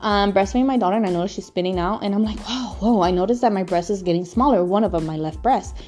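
A young woman tells her own story to camera in loose, candid chat, drifting off on tangents and swearing freely. Her pitch sits in a typical middle range, with soft music faintly behind her. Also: fast. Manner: rambling, candid, swears often. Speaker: vlogger. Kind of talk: casual storytelling.

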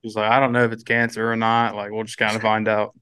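A young man on a casual podcast, telling a story in an animated way and acting out the quotes. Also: on the low side, quick pace, smooth, no echo. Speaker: podcast co-host.

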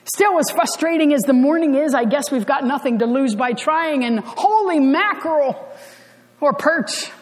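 A woman's voice: high-pitched, expressive, moderate pace. A woman pastor giving a sermon, telling the story in a conversational way with dry humor, recorded in a church sanctuary. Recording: church hall reverb.

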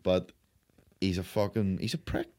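Low-voiced blunt man. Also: lively intonation, moderate pace, vocal fry, darkish tone. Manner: blunt, sweary, hesitant starts. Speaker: podcast co-host. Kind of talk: casual chat.

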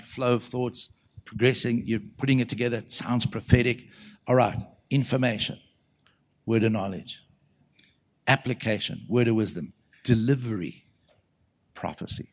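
A man's voice: medium pitch, fairly even intonation, moderate pace, long pauses. A man delivering a conversational sermon at a conference, with a mid-range voice. He tells stories with animation, acts out the people in them and calls out questions to the congregation. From South Africa. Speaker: prophet preaching at a conference.

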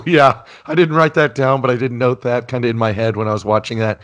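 A man co-hosting a podcast, chatting casually and praising an old sitcom scene in a relaxed way. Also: mid-range voice, brisk. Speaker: podcast co-host.

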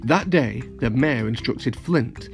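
A man reading a children's story aloud at a steady pace. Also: medium pitch, slow, vocal fry, faint music behind. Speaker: narrator.

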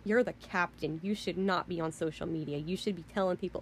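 A woman's voice: fairly low pitch, steady tone, a little fast, hardly any pauses, a little hiss or hum. A woman hosting a podcast, ranting in an indignant, heated way with mild swearing and frequent restarts. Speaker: podcast host. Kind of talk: casual rant.

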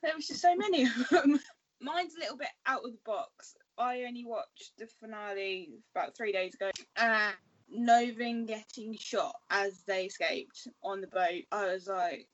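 A woman on a podcast panel, chatting in a lively way with laughs and mock exasperation. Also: fairly high pitch, normal speed. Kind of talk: casual chat. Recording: muffled audio with faint noise.

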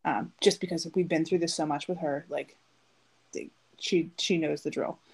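Woman in her thirties, podcast co-host, gravelly lowish voice with a husky edge, chatty storyteller. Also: fairly even intonation, moderate pace, darkish tone, poor audio. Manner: chatty storytelling, acts out quotes. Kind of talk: casual chat.

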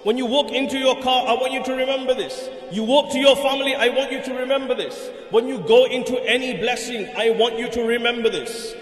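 A man's voice: very high-pitched, fairly even intonation, a little fast, hardly any pauses, faint music behind. A man giving a Friday sermon in a mosque, driving points home with rhetorical questions and repetition. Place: mosque prayer hall. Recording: echoey mosque hall, long reverb.

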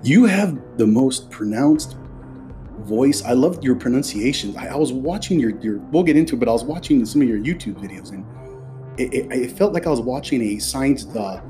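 A man's voice: mid-range voice, animated, moderate pace, mellow, soft background music. A man hosting a podcast in casual, chatty talk, effusive and full of loose restarts. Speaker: podcast host.

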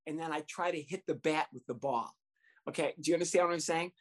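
This fast-talking man, whose voice is a little high, relates a comic episode from his youth baseball coaching days. He tells it animatedly, breaking into laughter and acting out the other people's voices.

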